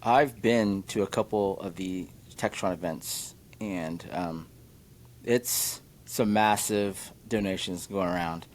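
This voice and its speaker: A man hosting a podcast, with a Midwestern American accent, talking casually and haltingly with lots of fillers like "you know" and "like". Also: deep voice, slight background noise. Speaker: podcast host.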